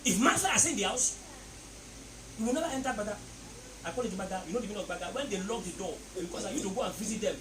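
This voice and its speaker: A man's voice: high-pitched, expressive, racing. A man preaching a sermon emphatically, repeating phrases and leading the congregation in call-and-response. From Nigeria. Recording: echoey, distant mic, noisy.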